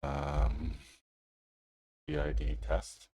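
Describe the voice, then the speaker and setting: A man's voice: extremely low pitch, monotone, drawn-out words, dark tone, husky, no room sound, studio quality. A man hosting a tech channel, giving loose, casual commentary over his screen and thinking aloud with fillers.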